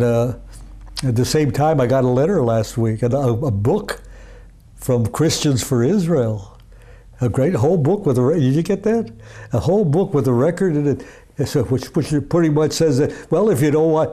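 An older man, an archivist of Yiddish culture, talking in a rambling, halting way with many fillers in a casual interview. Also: a little high, mellow. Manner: sings Yiddish folk songs unaccompanied.

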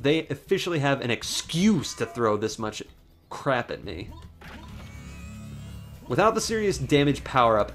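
A man giving profane, sarcastic, excitable commentary over his own gameplay. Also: fairly high pitch. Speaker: gaming commentator. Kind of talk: let's play commentary.

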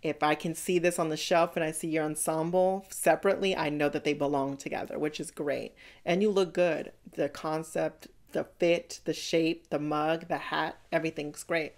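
A woman's voice: low-pitched, fairly even intonation, moderate pace. A woman hosting a casual reaction video, calling out the contestants directly with sassy pet names and giving blunt critiques. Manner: sassy, talks straight to the contestants with "honey" and "baby". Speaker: reaction channel host.

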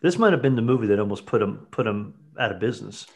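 A man's voice: fairly low pitch, lively intonation, quick pace, darkish tone, husky. A man co-hosting a podcast, teasing his friends and swearing in casual movie commentary. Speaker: podcast co-host.

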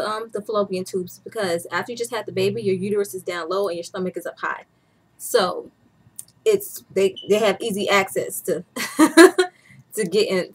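A woman's voice: medium pitch, breathy edge. A woman in her twenties chatting candidly as a vlogger, laughing often as she talks. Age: 20s. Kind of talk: casual chat.

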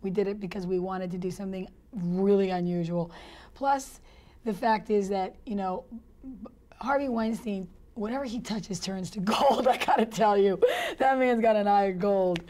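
Chatty actress with a mellow voice. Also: female voice, medium pitch, normal speed. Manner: chatty, animated, laughs often. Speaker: actress, interview guest. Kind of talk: casual interview storytelling.

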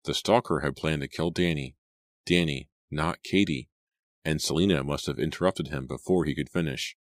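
A man narrating a horror audiobook in a measured, suspenseful read on a close mic. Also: rumbling low, no room sound.

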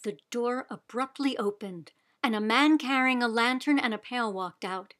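A woman reading a children's picture book aloud with expressive, deliberate storytelling. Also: fairly high pitch. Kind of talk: read-aloud storybook narration.

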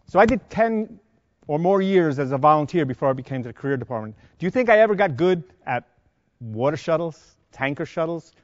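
High-voiced New York fire instructor. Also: male voice, lively intonation, dry recording. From Long Island, New York. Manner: quizzing the audience with rapid questions. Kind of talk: classroom lecture. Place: conference lecture room. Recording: dry, dull lo-fi sound.

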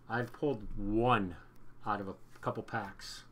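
Man, card break host, bright tone, upbeat chatter, repeats himself. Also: on the low side, steady tone, unhurried, a little hiss or hum. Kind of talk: casual card-opening commentary.

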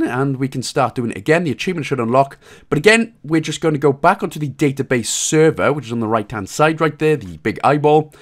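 A man with a Welsh accent giving a casual, joking game walkthrough, swearing a little and calmly repeating his instructions. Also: fairly high pitch. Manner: irreverent, joking, mild swearing. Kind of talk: casual commentary over gameplay.

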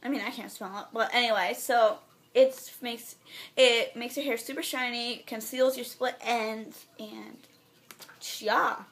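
A teenage girl chatting through her favorite products in a casual vlog, bubbly and gushing, rambling and often trailing off into soft asides. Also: fairly high pitch, fairly even intonation, unhurried. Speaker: beauty vlogger.

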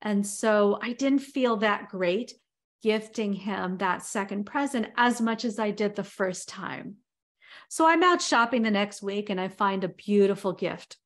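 A woman's voice: medium pitch, measured pace. A woman giving a motivational talk, telling everyday stories in a conversational way with frequent "you know" fillers. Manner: conversational, many "you know" fillers, builds vivid scenarios. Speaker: motivational speaker.

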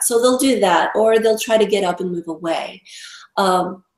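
A woman dog trainer, a guest in an interview, explaining emphatically and repeating words for stress. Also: mid-range voice. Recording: echoey room.

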